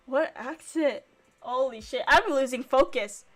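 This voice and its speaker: An excitable young woman streaming a game, gushing and swearing freely as she plays. Her voice is high, and soft background music runs faintly behind her casual commentary. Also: unhurried.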